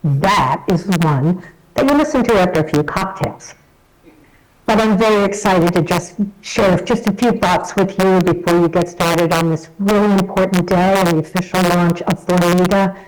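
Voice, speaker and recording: A woman's voice: fairly low pitch, moderate pace, low-quality recording. A woman with an American accent giving a chatty, enthusiastic recorded video message to a conference as an association chief executive. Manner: warm, chatty and enthusiastic, with light self-deprecating humour. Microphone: self-recorded video message.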